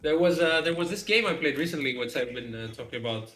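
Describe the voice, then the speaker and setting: A man's voice: fairly high pitch, animated, quick pace, fairly bright tone, echoey room, soft background music. A man co-hosting a game development live stream, chatting casually and rambling with lots of fillers and laughs.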